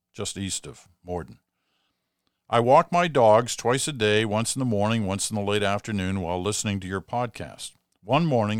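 Canadian male podcast host, somewhat low voice, reads mail then muses aloud in chatty asides; dry, close studio sound. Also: dry recording. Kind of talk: reading listener mail with casual asides.

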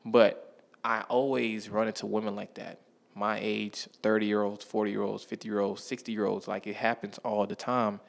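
A man's voice: lowish voice, little pitch movement, a little slow, gravelly. A man telling stories from his life in a casual, slangy monologue, often checking in with the listener. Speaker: vlogger.

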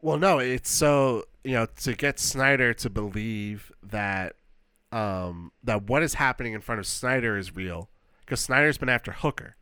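A man's voice: medium pitch, a little slow, pushed and bright, clean tone, dry recording, clean studio sound. A man co-hosting a podcast in casual chat, rambling with lots of fillers and acting out his reactions. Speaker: podcast co-host.

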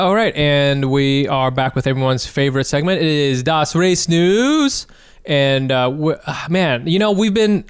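A man co-hosting a comedy podcast, excitable and quick to laugh and swear in casual chat. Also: a little high, clear, resonant tone, no echo, studio quality. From not from New York. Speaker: podcast co-host.

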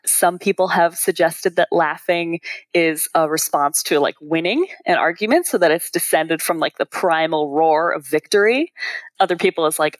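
A quick, witty woman talks as a podcast guest. Her voice sits on the low side. The recording is very dry, with no room sound. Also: no echo. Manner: quick, witty, animated storyteller. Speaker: guest copywriter and comedian. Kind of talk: casual interview chat.

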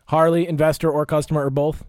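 A man's voice: on the high side, little pitch movement, fast, darkish tone, dry recording, studio quality. A young man hosting a casual podcast, joking and teasing his guests. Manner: joking, teasing, laughs often. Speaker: podcast host.

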